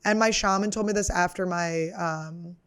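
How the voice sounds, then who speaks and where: A woman's voice: fairly low pitch, steady tone, normal speed, fairly bright tone, smooth. A woman in her thirties, a comedian hosting her podcast, talking in a rambling, profane, self-mocking monologue full of fillers. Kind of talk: casual confessional monologue.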